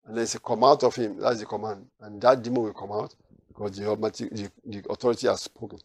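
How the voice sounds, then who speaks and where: A man preaching a sermon, repeating phrases and swinging from quiet asides to loud, emphatic declarations. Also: lowish voice, little pitch movement, fast, slightly rough, no room sound.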